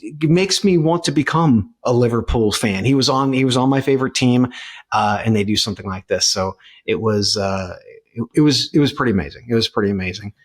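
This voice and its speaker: Casting: male podcast co-host, mid pitch, loose rambling chat full of restarts. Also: brisk. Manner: rambling, many restarts and fillers. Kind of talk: casual chat.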